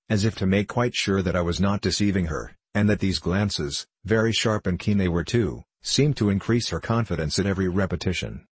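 A man narrating a classic novel in a measured, unhurried storytelling manner. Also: low-pitched, slightly rough, no echo.

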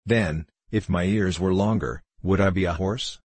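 A man's voice: deep voice, unhurried, a little mellow, breathy edge, dry recording. A man reading the part of a naive, cheerful pumpkin-headed figure in a storybook, in a simple and earnest manner.

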